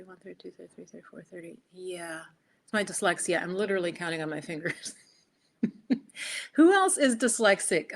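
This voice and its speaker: A woman with a slightly low voice hosts a yoga live stream from her laptop. She talks in a loose, chatty way, wandering off topic and poking fun at herself. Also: slight background noise. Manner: chatty, rambling, laughs at herself. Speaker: yoga and meditation host. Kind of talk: casual live-stream chat. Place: indoors, home set-up with laptop.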